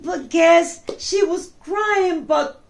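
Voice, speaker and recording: A woman telling a children's story in an expressive, chatty way, with exclamations and asides to the young listener. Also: very high-pitched, drawn-out words, creaky, slight background noise. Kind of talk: animated children's story reading.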